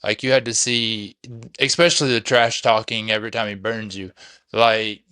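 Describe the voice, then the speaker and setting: A man's voice: fairly low pitch, fairly even intonation, normal speed, bright, forceful tone, clean tone, no echo. Casual male interview host, dry sound. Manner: loose, conversational, repeats himself.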